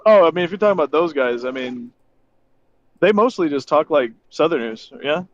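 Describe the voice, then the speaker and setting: A man's voice: a little high, expressive, brisk, a little hiss or hum. A young man with a Kansas accent, joking crudely in a casual voice chat. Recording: dull lo-fi voice chat.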